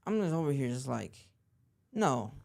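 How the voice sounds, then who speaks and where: With a warm tone, medium pitch and some vocal fry, this young man hosts a podcast and wanders through a personal story at normal speed. He leans heavily on "like" and keeps circling back to the same phrases. The recording is dry.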